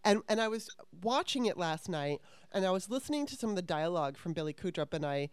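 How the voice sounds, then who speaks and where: A woman's voice: on the low side, big pitch swings, fast talker, clean tone, no room sound, studio quality. Candid, profane woman telling a story. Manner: candid, profane, rambling with restarts. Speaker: podcast host. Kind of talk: casual storytelling chat.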